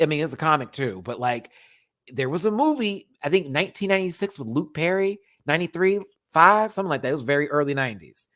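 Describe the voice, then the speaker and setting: A man hosting a live-stream review, chatting casually and swinging from loud outbursts to muttered asides. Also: fairly high pitch, expressive, quick pace. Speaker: YouTube reality TV reviewer.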